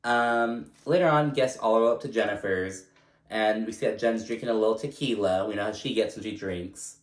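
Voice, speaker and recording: A chatty man talking loosely through a recap on his channel, with lots of fillers and the odd swear word. His voice sits on the low side, and it rings a little in an echoey room. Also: moderate pace. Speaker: recap vlogger. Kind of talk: casual recap vlog.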